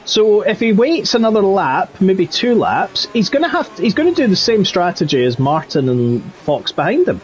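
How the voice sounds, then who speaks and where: A man giving live commentary on a sim racing league, getting excitable when the battles get close. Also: sits high, normal speed, hardly any pauses, a little hiss or hum. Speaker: race commentator.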